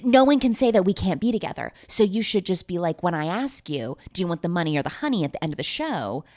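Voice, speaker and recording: Woman doing a dopey young guy, excitable, rambling, fast. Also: fairly low pitch. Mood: scheming. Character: young man, dopey, excitable love interest.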